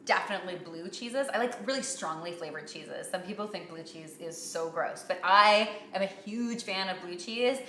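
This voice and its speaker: A Canadian woman in her thirties hosts a live cooking show, answering viewer questions in a chatty, upbeat way. Her voice is bright and forward. The home kitchen around her gives it a roomy echo. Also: on the low side, normal speed, hardly any pauses, slight background noise.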